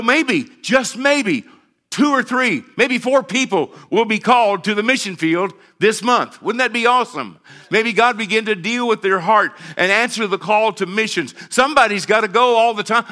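A man's voice pitched high for a man and sharply bright, preaching a sermon. He is a middle-aged pastor who drives his points home by repeating phrases and calling for responses from his congregation.

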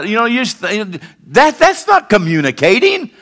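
Animated, bright-voiced male pastor preaching. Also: high-pitched, a little slow. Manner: conversational preaching, rising to emphatic declarations. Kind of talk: sermon.

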